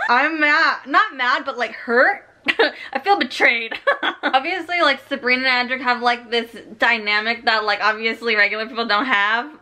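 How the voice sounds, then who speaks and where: Woman vlogger reacting to her reading, giggly and effusive, drawn-out delivery with a bright voice. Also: fairly high pitch. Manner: giggly and gushing, laughs often; heavy use of "like" fillers. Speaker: book vlogger. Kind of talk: casual reading vlog.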